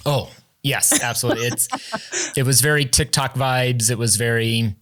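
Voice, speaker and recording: A man's voice: medium pitch, steady tone, normal speed, a bit bright. A man hosting a casual interview, chatty and friendly, often laughing between points. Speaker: podcast host.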